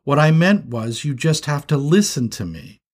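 A man's voice: on the high side, expressive, moderate pace. A man voicing a young male skunk, a patient big brother who turns frantic when his little brother strays, in a storybook reading. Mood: coaxing.

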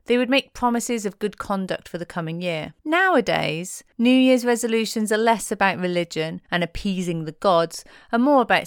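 Cheeky woman, smooth dry narration. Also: medium pitch, no echo. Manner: playful, cheeky storytelling. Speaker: presenter. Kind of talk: scripted narration.

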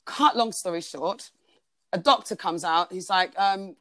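A woman's voice: lowish voice, a little slow, a bit bright, dry recording. A woman, a podcast guest telling a personal story in a chatty way, full of "like" and "basically".

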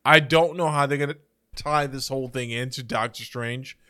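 A man's voice: medium pitch, moderate pace, sharp tone. A man co-hosting a casual pop-culture podcast, talking in an opinionated, speculative way with hiccups. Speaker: podcast co-host.

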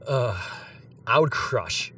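A young man from Pittsburgh telling an animated story on a podcast, laughing and using many fillers. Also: mid-range voice, slow pace, background noise. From Pittsburgh, USA. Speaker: podcast co-host. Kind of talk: casual storytelling. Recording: a bit far from the mic.

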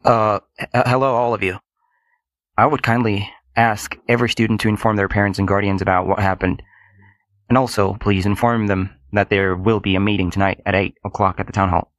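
A man doing a calm formal policeman. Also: lowish voice, dry recording, close to an everyday voice. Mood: measured. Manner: formal, measured official tone. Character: calm male police officer.

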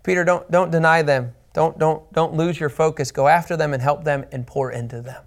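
A man's voice: a little high, steady tone, fairly quick. A man teaching the Bible as a pastor, earnest and emphatic, repeating his key points.

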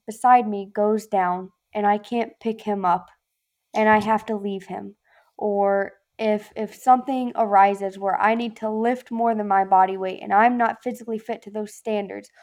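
A woman's voice: medium pitch, fairly even intonation, normal speed, darkish tone. A woman with a Southern accent, a former Marine and podcast guest, talking bluntly and with lots of swearing in casual chat. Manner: blunt, profane, emphatic.

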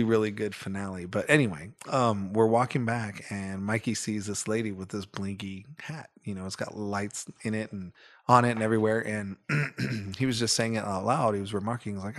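A middle-aged man hosting a podcast in casual chat, rambling and correcting himself as he tells a fond family story. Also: lowish voice. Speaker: podcast co-host.

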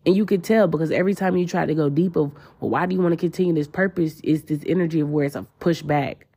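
A woman's voice: deep voice, fast, mellow, husky. A woman hosting a spiritual podcast, talking in a casual, emotional and slangy way, often repeating herself. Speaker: podcast host.

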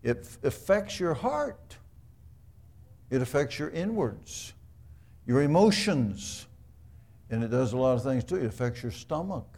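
Male preacher, gravelly voice, conversational sermon with rhetorical questions. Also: mid-range voice, sing-song, a little slow, pauses often, a little mellow. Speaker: pastor.

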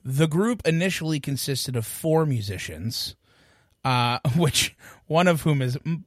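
A man's voice: a little high, animated, a little slow, no echo, studio quality. A man co-hosting a music podcast in a casual, joking, rambling way, poking fun at himself. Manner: joking, rambling, self-deprecating. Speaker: podcast co-host.

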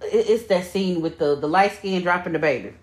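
In an echoey room, a young podcast co-host talks fairly quickly in a lowish voice. She's animated, swears a lot, and laughs often throughout the casual conversation.

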